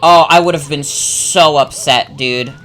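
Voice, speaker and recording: A woman's voice: low-pitched, a little slow, a bit bright. A woman streaming a game, chatting and joking casually with her chat and swearing freely. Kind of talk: casual gameplay commentary.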